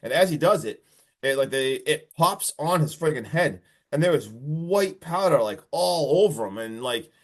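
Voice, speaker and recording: A young man co-hosting a podcast, casually recapping a horror film in a rambling, animated way with lots of filler words and mild swearing. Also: a little high, moderate pace. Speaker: podcast co-host reviewing a film.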